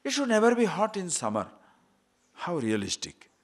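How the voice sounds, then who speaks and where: Male teacher of spiritual texts, lively delivery with wide pitch swings, playful and quick to laugh. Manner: playful, laughs often, rhetorical questions.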